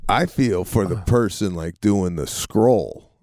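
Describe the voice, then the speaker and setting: A man co-hosting a comedy podcast, chatting expressively and swooping up in pitch when he jokes. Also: expressive, slow, darkish tone, no room sound, studio quality. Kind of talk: casual comedic chat.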